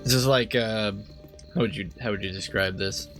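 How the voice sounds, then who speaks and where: A man's voice: lowish voice, moderate pace, a bit bright, soft background music. A man casually commenting while playing a game, rambling and correcting himself as he thinks aloud. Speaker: let's play host.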